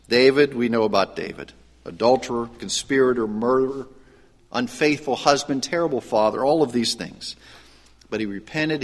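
A man preaching a sermon, his voice pitched a bit high for a man. He swings from raised, emphatic declarations to quiet, hushed asides. A long hall reverb trails after his words. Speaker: pastor.

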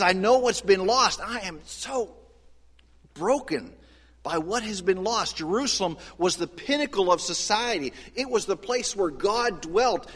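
A man gives a sermon in a church sanctuary, pitched a little high for a man. His delivery is animated, dropping low and quiet, then climbing high and loud. A long reverb from the hall trails every phrase. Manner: animated preaching with wide swings of pitch and loudness. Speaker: pastor.

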